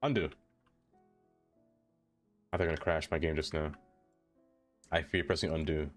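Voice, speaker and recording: A young man with a rumbling low voice keeps a steady tone and moderate pace as he livestreams a city-building game. Laughing often, he speaks directly to what he builds while faint music plays in the background.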